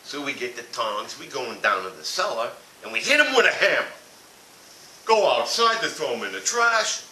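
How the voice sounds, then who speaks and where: A man's voice: mid-range voice, very animated, normal speed, sharp tone. A man telling a blunt, profane comic rant about a family vacation. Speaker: comedic ranter. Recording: echoey room from far off with hiss.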